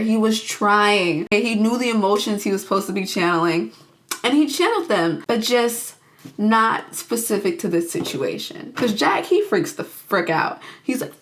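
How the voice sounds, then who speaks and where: A young woman recapping a film in a chatty, casual way. She is animated and quick to act out the characters' lines in her own voice, full of asides and reactions. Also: a little high. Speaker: movie reviewer.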